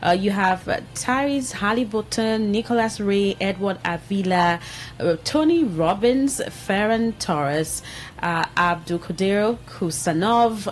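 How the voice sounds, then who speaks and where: A woman's voice: medium pitch, slight background noise, rough recording. A woman hosting an entertainment segment in a radio studio, chatting and reading items aloud with asides. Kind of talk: casual studio chat.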